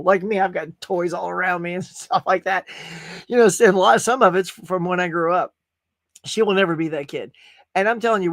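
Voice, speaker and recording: A middle-aged man chats on his home livestream, laughing often and restarting his sentences as he rambles. His voice sits high for a man. The sound is dry and close, with no room echo. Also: fairly bright tone. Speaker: livestream podcast host. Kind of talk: casual chat with live chat. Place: home studio room with toys.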